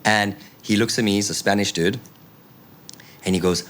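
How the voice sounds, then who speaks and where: A man in his thirties telling a long, winding story on a podcast, packing it with "like" and acted-out quotes. His voice sits on the low side. He talks in a loose, casual way. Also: fairly even intonation, moderate pace, fairly bright tone. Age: 30s. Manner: rambling, full of "like" and acted-out quotes. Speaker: podcast guest. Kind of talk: animated storytelling chat.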